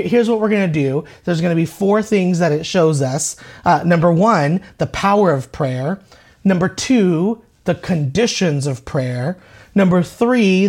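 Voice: medium pitch, darkish tone. A pastor preaching a conversational sermon, with frequent restarts and rhetorical questions.

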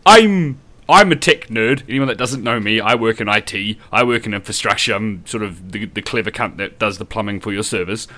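A man's voice: fairly low pitch, expressive, brisk, pushed and bright. A young man with a New Zealand accent co-hosting a casual podcast, ranting with plenty of swearing. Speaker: podcast co-host.

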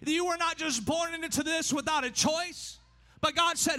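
A man preaching a sermon in a church, emphatic and often shouting, his delivery swinging between fast bursts and slow drawn-out lines. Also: very high-pitched. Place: church sanctuary. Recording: long hall reverb.

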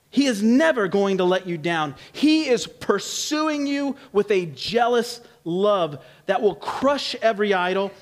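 A man preaching a sermon in an animated, humorous, conversational way, swinging from loud to hushed. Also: high voice. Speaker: pastor.

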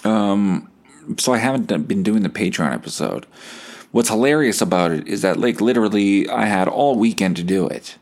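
A man's voice: lowish voice, lively intonation, moderate pace. A young man from Canada hosting a solo podcast, talking in a profane, sarcastic, rambling way. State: hungover. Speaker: podcast host. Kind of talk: casual solo rant.

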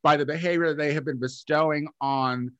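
A man's voice: a little high, steady tone, brisk, a bit bright, dry recording, highs cut off. A man co-hosting a podcast in casual chat, rambling with lots of fillers and swearing. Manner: rambling, profane, many filler likes. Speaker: podcast co-host.

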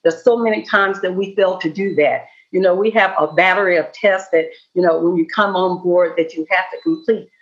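A woman's voice: lowish voice, steady tone, normal speed, hardly any pauses. Woman panelist and law enforcement educator, conversational, muffled lo-fi audio. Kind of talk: panel discussion.

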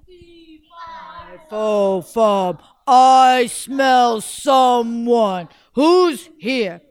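A woman voicing a huge, gruff, man-eating giant who booms slowly and hisses some lines in a loud whisper. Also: lively intonation, no echo, heavily acted. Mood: booming. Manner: booming slow chant with hissed whispery lines.

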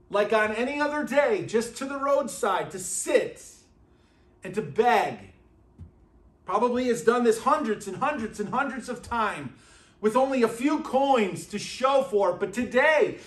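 A male pastor preaches with emphatic, repeated phrases, sometimes sinking to a quiet intensity. His voice sits fairly high and his delivery is slow and deliberate. The sound carries the reverb of a church room. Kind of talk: sermon. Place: church sanctuary.

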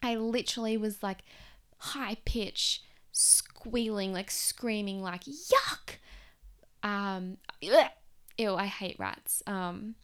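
A woman's voice: mid-range voice, takes it slowly, smooth. Chatty young woman telling a story. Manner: chatty and expressive, heavy use of "like". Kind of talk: casual storytelling monologue.

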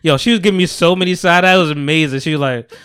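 Fast-talking young man telling a story. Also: a little high, clean tone, dry recording, studio quality. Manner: animated storyteller acting out quotes. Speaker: podcast host. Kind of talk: casual storytelling chat.

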